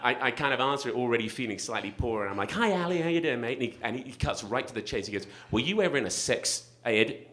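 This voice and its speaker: A man's voice: mid-range voice, fast, hardly any pauses, pushed and bright. A middle-aged man telling a comic personal story live at a story slam, self-mocking and laughing through his lines, on a stage microphone in a restaurant event space.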